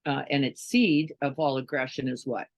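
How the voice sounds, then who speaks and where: A woman's voice: very deep voice, steady tone, normal speed, dry recording, low-quality recording. A woman giving a conversational dharma talk as a meditation teacher, often checking in with listeners with questions and "right?". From Chicago, United States.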